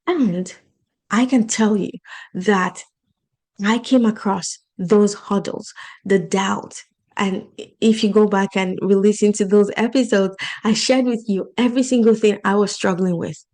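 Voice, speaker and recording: A woman's voice: medium pitch, fairly even intonation, a little slow, a little mellow. A woman with an accent hosting a solo podcast, talking earnestly and encouragingly straight to her listeners. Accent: non-native English accent. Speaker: podcast host and life coach.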